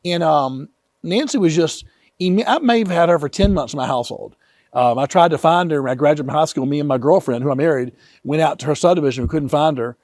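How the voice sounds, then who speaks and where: A man in his fifties, an author telling personal stories in an earnest, animated way. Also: fairly high pitch, fairly quick, dry recording, clean studio sound. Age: 50s. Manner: animated, earnest, vivid retelling. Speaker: author and guest. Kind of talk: emotional personal storytelling.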